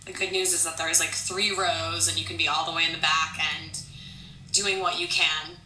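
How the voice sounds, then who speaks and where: A giggly, upbeat woman co-host with a very bright, sharp tone and a slightly low pitch. She chats casually and says "like" often. The room is echoey, with a faint hiss. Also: flat delivery, moderate pace. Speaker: fitness instructor and podcast co-host. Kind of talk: casual chat. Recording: roomy echo with faint noise.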